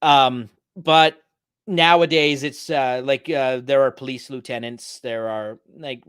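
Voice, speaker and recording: A man's voice: medium pitch, fairly even intonation, slow pace, a bit bright, smooth, no room sound. Canadian guy, dry self-mocking jokes, close dry sound. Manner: dry, self-deprecating humor. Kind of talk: casual chat.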